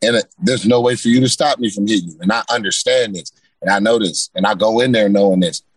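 Man, low husky voice, dry close sound, loose relaxed guest talk. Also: quick pace, dry recording, poor audio. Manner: laid-back, repeats "you know what I mean". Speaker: guest fighter. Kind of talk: casual interview chat.

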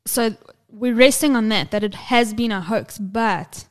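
A woman's voice: a little high, measured pace. A young woman co-hosting a casual podcast chat, talkative and blunt, swearing freely and laughing often. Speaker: podcast co-host.

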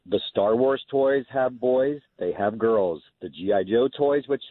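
Indignant male radio caller, husky voice, tinny phone line. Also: medium pitch, unhurried, no echo. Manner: indignant, rhetorical. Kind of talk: phone call to talk radio.

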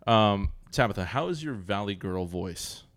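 A man's voice: fairly low pitch, expressive, normal speed, a crowd in the background. A man hosting a podcast, teasing his guest with offbeat questions in casual chat, with a Southern Californian accent. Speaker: podcast host.

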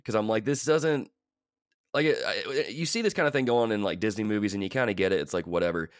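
Brief: male co-host, mid pitch, dry close sound, halting and exasperated while recapping a film. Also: dry recording. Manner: hesitant, halting, exasperated asides. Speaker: podcast co-host. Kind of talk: casual movie review chat.

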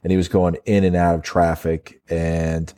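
A man's voice: low-pitched, little pitch movement, normal speed, dark tone. A man co-hosting a casual film review chat, blunt and mocking, swearing freely. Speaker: podcast co-host. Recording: faint synth music behind.

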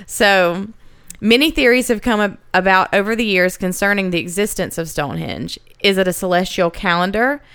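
A woman's voice: mid-range voice, moderate pace, a bit bright, clear, resonant tone, no echo. A woman co-hosting a podcast, explaining a history story in casual chat with her sister and laughing often. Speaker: podcast co-host.

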